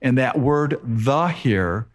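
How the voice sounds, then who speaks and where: A man preaching a sermon in an earnest, measured way, repeating words for emphasis. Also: medium pitch, lively intonation.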